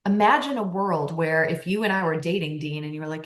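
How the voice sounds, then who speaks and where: Lowish woman on a podcast, laughs a lot, punchy advice, roomy echo. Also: fairly quick. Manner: animated and emphatic, laughs often, acts out quoted voices. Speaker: podcast guest. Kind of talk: casual interview talk, coaching advice.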